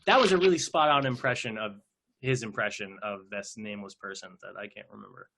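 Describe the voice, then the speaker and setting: A man's voice: fairly low pitch, a little fast, vocal fry, bright, forceful tone. A man co-hosting a casual podcast, rambling and joking, slipping into playful impressions. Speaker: podcast co-host.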